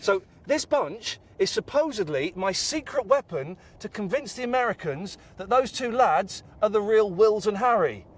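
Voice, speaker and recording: A man's voice: high voice, lively intonation, moderate pace, hardly any pauses. An English man hosting a comic show on location, sarcastic and teasing in his banter. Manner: sarcastic, mock-posh banter. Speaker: host.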